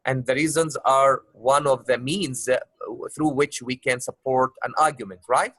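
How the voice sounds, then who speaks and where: A man's voice: mid-range voice, fairly even intonation, normal speed, a bit bright, no echo. A male teacher leading an online class discussion, who keeps rephrasing his questions with plenty of filler uhs and calls his students love. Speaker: English teacher.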